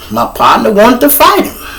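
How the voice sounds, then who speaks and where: A man putting on a shrill, worked-up cop. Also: measured pace, heavily acted. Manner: high-pitched, animated, profane. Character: excitable male police officer, loud and worked up.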